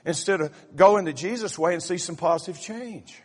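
A man's voice: high voice, normal speed, slight background noise. A male pastor preaching a humorous sermon in a folksy way, rallying the congregation with lots of "uh"s. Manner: folksy, rallies the congregation, stutters in repeated "uh". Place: church sanctuary. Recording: church sound with long reverb.

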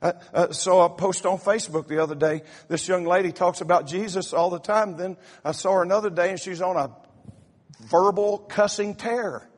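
Husky-voiced high preacher, long church echo. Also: male voice, fairly even intonation, fairly quick, few pauses. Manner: folksy, rallies the congregation, stutters in repeated "uh". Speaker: pastor. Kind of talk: humorous sermon. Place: church sanctuary. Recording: church sound with long reverb.

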